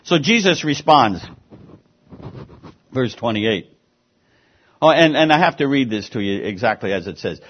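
A man's voice: mid-range voice, lively intonation, a little slow, long pauses, husky, muffled recording. A man preaching an expository sermon, explaining the text with emphatic, rising and falling delivery.

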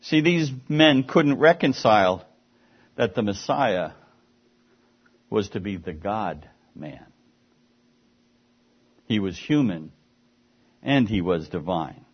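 A man's voice: fairly low pitch, lively intonation, slow, long pauses, husky, highs cut off. A man preaching an expository sermon, explaining the text with emphatic, rising and falling delivery.

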